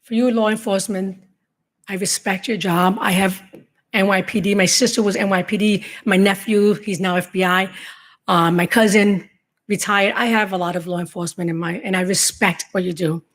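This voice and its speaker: A middle-aged woman telling her own story to a room of law enforcement, in a halting, emotional testimony full of restarts. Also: mid-range voice, fairly even intonation. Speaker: survivor giving a talk to law enforcement. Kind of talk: personal testimony speech.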